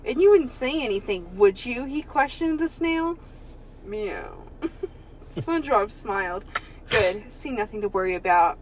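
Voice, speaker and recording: A woman with a fairly high voice that swoops up and down, chatting and reading aloud on a casual comedy podcast. She giggles a lot and slips into put-on voices for the characters. Faint noise sits under the recording. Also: animated, normal speed, low-quality recording. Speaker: podcast co-host.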